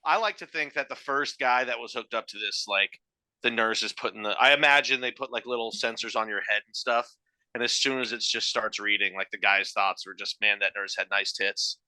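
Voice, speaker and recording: A man's voice: medium pitch, fairly quick, pushed and bright, dry recording. A man co-hosting a podcast in casual chat, cracking crude jokes. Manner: joking, crude humor, laughs. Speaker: podcast co-host.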